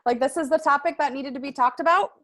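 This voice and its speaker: A woman's voice: sits high, quick pace, pushed and bright. A young adult woman hosting a casual motivational team call, chatty and full of fillers. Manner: chatty, lots of "like" and "um". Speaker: team call host and coach.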